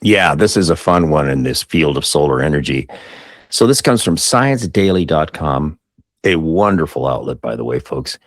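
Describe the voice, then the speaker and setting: A man's voice: very deep voice, animated, moderate pace, dry recording, clean studio sound. A man co-hosting a casual tech talk show, reading articles aloud and reacting with amused asides. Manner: reads headlines then reacts with amused asides and chuckles. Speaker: co-host.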